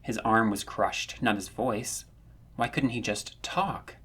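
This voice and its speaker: A man narrating a fan-written story, reading in a measured, earnest way that rises when the tension builds. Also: fairly low pitch, a bit bright, husky. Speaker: audiobook narrator.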